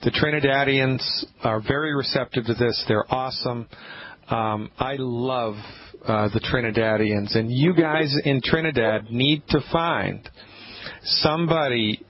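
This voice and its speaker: A man's voice: mid-range voice, unhurried. A man hosting a radio call-in show, talking casually and emphatically, often restarting his sentences. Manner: emphatic, rambling, with frequent restarts. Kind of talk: casual call-in advice talk. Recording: muffled lo-fi radio broadcast with faint hiss.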